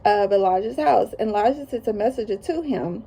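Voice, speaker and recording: A woman's voice: mid-range voice, expressive, a little fast, creaky, dark tone, breathy edge. A woman hosting a casual Bible study, reading scripture and adding folksy, emphatic comments. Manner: conversational, folksy asides and emphatic repetition; reads scripture aloud then comments.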